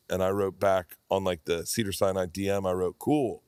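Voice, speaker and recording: A man's voice: low voice, moderate pace, few pauses, clear, resonant tone, no room sound, clean studio sound. A man in his fifties, a podcast guest telling rambling stories in casual chat and acting out quotes as he goes. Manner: rambling, animated storyteller who acts out quotes.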